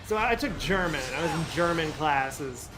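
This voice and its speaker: A man's voice: a little high, lively intonation, moderate pace, over music, low-quality recording. A man in casual chat, telling a wry story with stammering restarts and swearing.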